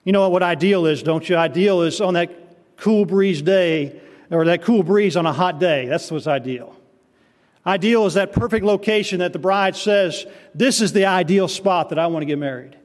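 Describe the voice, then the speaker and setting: A man's voice: sits high, moderate pace, long reverb tail. A male pastor preaching an evening sermon, asking the congregation rhetorical questions as he reads and explains scripture.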